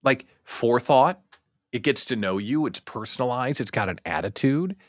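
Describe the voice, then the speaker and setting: A male host of a daily livestream talk show who speaks in an animated, joking way. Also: medium pitch, moderate pace, dry recording, studio quality.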